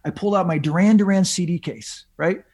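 A man's voice: high-pitched, brisk, darkish tone, breathy edge. A man telling a long personal story in a casual podcast chat, rambling with many restarts and repeated words. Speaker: podcast guest.

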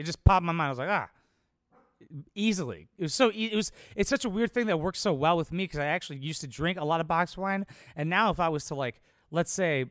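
Young male comic, loose and profane, a touch high, smooth tone, dry close sound. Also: fairly bright tone, no echo. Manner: rambling, profane, laid-back. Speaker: comedian. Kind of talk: casual solo monologue.

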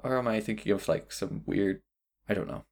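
A man's voice: fairly low pitch, moderate pace, vocal fry, darkish tone. A man hosting a podcast, chatting casually and playfully while reading out listener suggestions. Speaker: podcast host. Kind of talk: casual chat.

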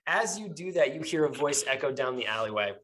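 A man's voice: on the high side, brisk. Laid-back man running a tabletop game. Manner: relaxed, hesitant with fillers, laughs often. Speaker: game master.

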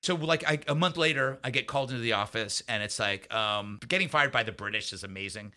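A man as an interview guest, telling a story in an animated way, laughing often and acting out what other people said. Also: mid-range voice, quick pace. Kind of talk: storytelling anecdote in a conversational interview.

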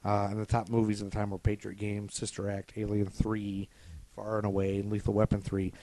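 A man's voice: lowish voice, completely flat delivery, a little fast, dark tone, no echo. A man co-hosting a podcast, chatting casually and rattling off lists with dry, teasing humor. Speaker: podcast co-host. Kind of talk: casual chat.

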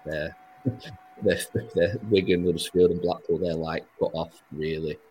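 A man's voice: low-pitched, fairly even intonation, a little slow, a little mellow, lo-fi sound, slight background noise. A man hosting a podcast, chatting casually about football with a rambling, easygoing manner and frequent laughs. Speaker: podcast host.

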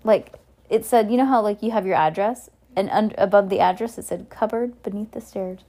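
A woman's voice: medium pitch, brisk. A young woman reading a novel aloud in a casual way, breaking off for chatty, playful asides. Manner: relaxed, chatty, with playful comments. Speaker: reader.

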